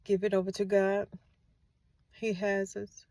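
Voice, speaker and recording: Tearful woman with a gravelly voice. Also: mid-range voice, completely flat delivery, unhurried, dry recording. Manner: soft, emotional, repeats phrases for comfort. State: tearful, has been crying. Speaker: grieving mother, channel host. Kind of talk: heartfelt faith-based vlog.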